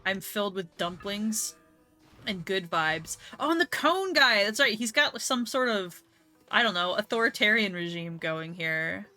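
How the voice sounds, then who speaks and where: Young woman, streamer, casual game chat, swears and laughs, bright forceful tone, faint music behind. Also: mid-range voice, lively intonation, unhurried. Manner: loose, swears freely, laughs often, talks to chat. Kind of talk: casual let's-play chat.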